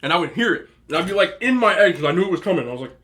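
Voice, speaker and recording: A man's voice: high-pitched, very fast. A man in his thirties chatting casually at home, rambling through stories as he eats. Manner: chatty, rambling, animated when telling stories. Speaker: mukbang host. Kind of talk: casual storytelling while eating. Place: indoors at home.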